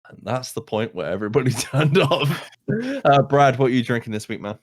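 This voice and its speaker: A man's voice: medium pitch, fairly quick, no echo, studio quality. A man hosting a casual podcast, leading the chat and laughing often. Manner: jokey, laughs often, leads the talk. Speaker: podcast host.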